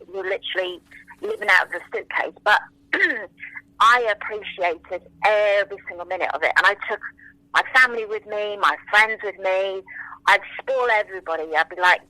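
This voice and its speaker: A woman in her forties whose first language is French, telling stories as an interview guest in an animated, enthusiastic way, often acting out what people said. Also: mid-range voice, no echo, poor audio. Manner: animated, enthusiastic, acts out quotes. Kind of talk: casual interview storytelling.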